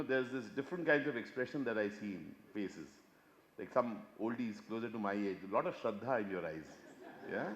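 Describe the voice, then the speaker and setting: An older man with an Indian accent doing a chatty, self-mocking stand-up set, switching between Hindi and English and swinging from hushed asides to loud bursts. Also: medium pitch, a little hiss or hum. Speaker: stand-up comedian. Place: large conference hall. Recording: echoey hall, muffled PA sound.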